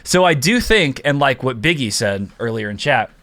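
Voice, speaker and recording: A man's voice: mid-range voice, animated, normal speed, a bit bright, no room sound. A man co-hosting a gaming podcast in casual chat, telling stories in a laid-back way and acting out what others said. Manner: laid-back storyteller who acts out quotes. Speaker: podcast co-host.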